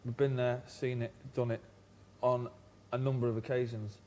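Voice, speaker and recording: A man's voice: medium pitch, flat delivery, normal speed, a little mellow, slight background noise. A man, a guest in an interview, telling wry, rambling anecdotes with stumbling restarts. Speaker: band member guest.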